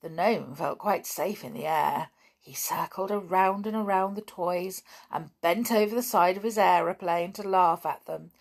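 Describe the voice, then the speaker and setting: A woman reading a children's story aloud, expressive, with asides to her listeners. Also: on the low side, normal speed, creaky.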